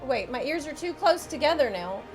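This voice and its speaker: A woman's voice: high-pitched, big pitch swings, moderate pace, over music. A woman streamer chatting casually with her viewers, rambling and often cutting herself off mid-sentence. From United States. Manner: chatty, rambling, self-interrupting.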